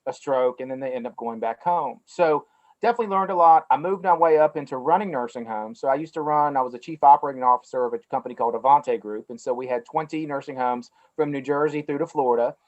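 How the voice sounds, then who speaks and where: A man's voice: medium pitch, fast talker, highs cut off. A middle-aged man with a North Carolina Southern twang, telling stories in a casual interview over a video call. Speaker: guest, cannabis company CEO.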